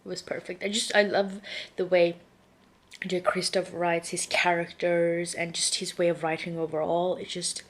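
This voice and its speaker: A woman's voice: on the low side, flat delivery, normal speed. A young adult woman talking casually in a reading vlog, gushing and dramatic about the books she reads. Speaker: book vlogger.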